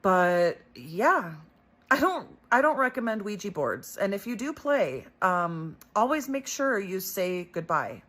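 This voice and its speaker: A woman's voice: medium pitch, big pitch swings, a little slow, a bit bright. A young woman hosting a storytelling video, retelling a scary personal experience in a chatty way with many fillers. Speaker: storyteller host. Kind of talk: casual storytelling.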